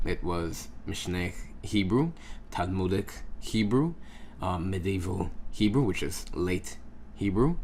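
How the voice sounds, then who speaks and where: A man with a very low voice teaches a relaxed lesson at an unhurried pace. He explains patiently and checks in with his listeners often. A faint background hum sits under the recording. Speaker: Hebrew language teacher.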